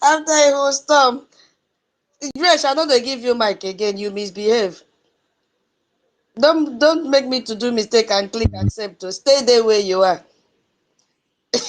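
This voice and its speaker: A woman's voice: a little high, a little slow, pauses often. A woman moderating an online audio room, chatty and teasing. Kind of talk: casual moderating.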